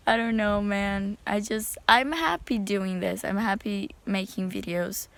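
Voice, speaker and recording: A woman's voice: mid-range voice, takes it slowly, long pauses, fairly bright tone, dry recording. A young woman chatting casually and rambling about books in her vlog, often saying "you know". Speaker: book vlogger. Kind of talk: casual chat.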